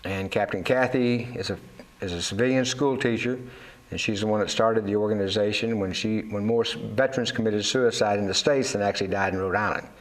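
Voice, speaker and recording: A man's voice: lowish voice, steady tone, a little fast. Older man telling rambling stories. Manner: rambling, with many fillers and restarts; acts out quoted voices in his stories. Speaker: guest, Navy veteran and charter fishing captain. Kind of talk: candid storytelling interview.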